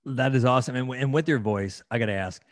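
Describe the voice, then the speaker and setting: A man's voice: medium pitch, fast talker, dry recording, studio quality. A man hosting a casual interview, enthusiastic and often restarting his sentences. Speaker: podcast host.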